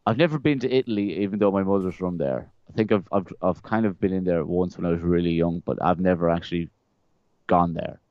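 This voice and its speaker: Smooth low-voiced young man, rambling chat. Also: fairly quick, no room sound. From Ireland. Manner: rambling, repeats words, laughs often. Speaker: podcast guest. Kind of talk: casual conversational storytelling. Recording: slightly dull, dry close-mic sound.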